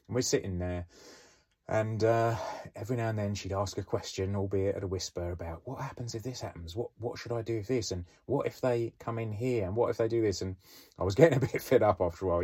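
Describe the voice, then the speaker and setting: A middle-aged British former police officer recounting a case in a rambling, conversational way with many fillers. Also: male voice, sits low, darkish tone. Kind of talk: storytelling podcast.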